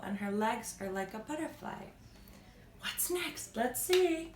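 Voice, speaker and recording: A woman's voice: a little high, expressive, takes it slowly, slight background noise. A woman reading a children's picture book aloud and leading simple yoga poses, playful, with animal sounds. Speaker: children's storytime host. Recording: roomy echo.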